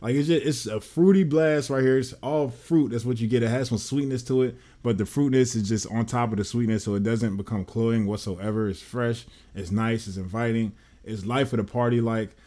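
A man's voice: mid-range voice, steady tone, normal speed, warm tone. Casting note: American man, fragrance vlogger, gushing and rambly, mid-range voice. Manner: enthusiastic, rambling, says "man" and "y'all" often. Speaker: fragrance reviewer. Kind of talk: casual review vlog.

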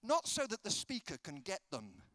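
Lively, bright-voiced British preacher. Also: male voice, high-pitched, moderate pace, no echo. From Britain. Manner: comic, acts out dialogue with exaggerated voices. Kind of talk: humorous sermon storytelling. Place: conference hall.

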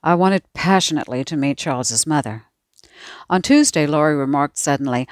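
A woman narrating a short story in an expressive, animated way. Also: low-pitched, normal speed, dry recording, clean studio sound.

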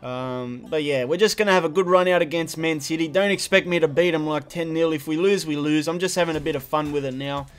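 A young man playing a football video game, commenting on the match as he plays, swinging from muttering to shouting in frustration. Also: fairly high pitch, a little fast, few pauses, clear, resonant tone, soft background music. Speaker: gaming video creator.

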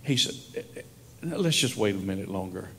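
Storytelling preacher with a lively voice. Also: male voice, deep voice, quick pace, gravelly, in a large hall, slight background noise. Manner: storytelling preacher, swinging from hushed to raised. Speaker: pastor. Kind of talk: sermon. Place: church sanctuary.

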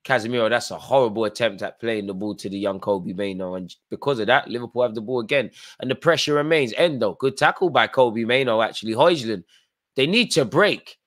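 A man's voice: fairly low pitch, fast, few pauses. A tired man hosting a live football watchalong, chatting through play-by-play with fan reactions. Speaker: watchalong host.

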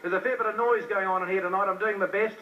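High-voiced New evangelist, distant recording. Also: male voice, fairly even intonation, quick pace. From New Zealand. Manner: preachy, repetitive, questioning the crowd. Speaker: evangelist preacher. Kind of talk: evangelistic sermon. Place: meeting hall with crowd. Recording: distant, dull old live recording.

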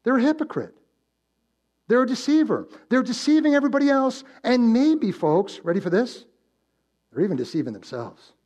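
High-voiced pastor preaching with dramatic swings. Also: male voice, big pitch swings, normal speed. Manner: swings from loud emphatic build-ups to hushed low warnings; storytelling with direct questions to the congregation. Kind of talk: sermon. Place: church.

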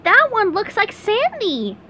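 A woman voicing a squeaky, excitable male cartoon sea sponge in a storybook reading, pitching her voice up high and jittery. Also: unhurried, a little hiss or hum, full character voice. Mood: cheerful.

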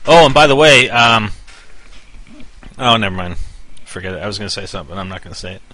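A man's voice: lowish voice, steady tone, brisk, noisy background. A man hosting casual gaming commentary, rambling and hyper, winding himself up into a half-joking rant. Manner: rambling, mock-ranting, wound up. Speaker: gaming channel host.

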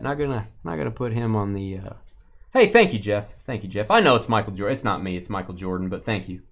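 Man, card break host, casual live stream chat, playful teasing, lively swooping pitch. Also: fairly quick.

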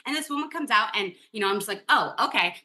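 A woman guesting on a podcast in casual chat, chatty and expressive, quick to vent. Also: on the high side.

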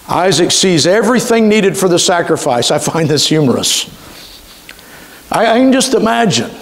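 A man pastor, preaching a sermon with emphatic delivery and slowly stretched key words. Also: sits high, big pitch swings. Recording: reverberant church hall.

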